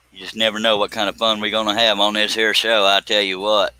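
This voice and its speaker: A man hosts a casual woodworking live stream, joking and wandering off topic as he works. His voice sits low but sounds sharp and bright. The sound is close and dry, with no room around it. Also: clean tone, dry recording, rough recording. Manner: joking, rambling, slips into put-on voices. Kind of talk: casual live-stream chat while scroll sawing.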